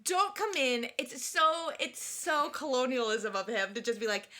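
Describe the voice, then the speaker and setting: Woman co-host, high and lively, bright tone, giggly chat. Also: normal speed. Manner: giggly, breaks into fits of laughter. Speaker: podcast co-host. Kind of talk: casual book-and-film chat.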